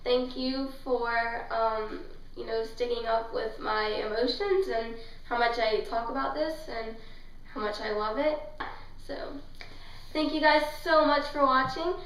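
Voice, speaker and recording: A woman's voice: on the high side, unhurried, fairly bright tone, far from the mic. Gushing young-sounding woman vlogger, roomy echo. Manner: gushing, emotional, rambling with fillers. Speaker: book vlogger. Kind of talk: casual book review vlog.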